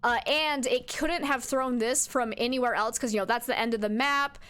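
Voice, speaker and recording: A woman's voice: fairly high pitch, normal speed, a bit bright, clear, resonant tone. A young woman streaming a horror game, chatting to her viewers and talking back to the ghost with jumpy outbursts. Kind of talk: live game commentary.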